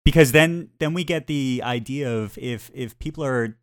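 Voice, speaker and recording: A man's voice: mid-range voice, moderate pace, smooth, no room sound, clean studio sound. A man co-hosting a casual chat show, talking in an eager, agreeable way. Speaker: podcast co-host.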